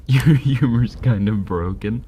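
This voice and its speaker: A man live-streaming on an ASMR channel, chatting casually about clips, often breaking into giggles while trying to keep his voice soft. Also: medium pitch, takes it slowly, slight background noise. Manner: giggly, breaks into laughter, talks softly. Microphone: binaural ASMR microphone.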